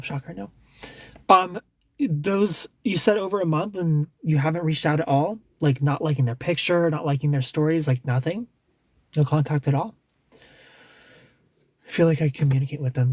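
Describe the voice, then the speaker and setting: A man's voice: a little high, moderate pace, long pauses, darkish tone, husky, dry recording. A man hosting a casual livestream, giving blunt dating advice with lots of restarts and some swearing.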